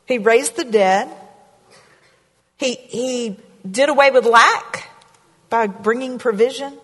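In a church with a reverberant, hall-like sound, a pastor preaches conversationally and poses questions to the congregation. His voice is medium-pitched, slow, and slightly bright.

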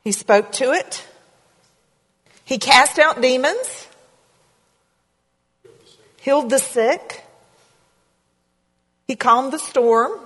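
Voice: high voice, expressive, very slow, long pauses, fairly bright tone, husky. Conversational preacher in a reverberant hall. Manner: conversational preaching, asks the congregation questions. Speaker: pastor. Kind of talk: sermon.

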